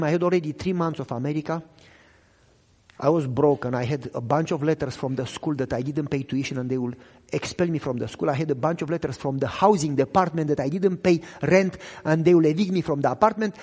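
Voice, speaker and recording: His English is not his first language, and this young preacher gives a sermon testimony full of emotion, moving from loud outcries to quiet, low-voiced passages. Reverb from an echoey hall colors the audio.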